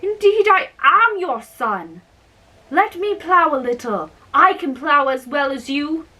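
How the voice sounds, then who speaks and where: Woman reading a strong young giant lad, firm n plain, slow bright voice, storybook. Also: high-pitched, animated, pitched above the performer's own voice, heavily acted. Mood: demanding. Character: strong young male giant, bold son.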